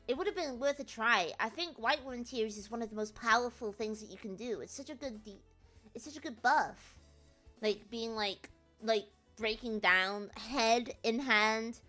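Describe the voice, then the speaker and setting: A young woman, a streamer, rambling through an animated story with many fillers in casual chat. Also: on the high side. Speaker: VTuber streamer.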